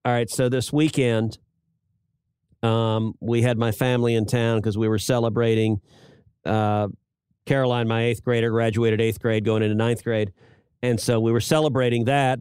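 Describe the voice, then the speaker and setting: A man's voice: mid-range voice, level tone, moderate pace, a little mellow, clean tone, dry recording, studio quality. A middle-aged man co-hosting a political podcast, talking casually with frequent stammered restarts and chuckles at his own jokes. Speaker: podcast co-host, senator.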